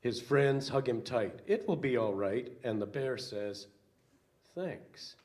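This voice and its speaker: An older man, a minister, reading a children's story aloud slowly with some hesitant fillers. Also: medium pitch, a little mellow.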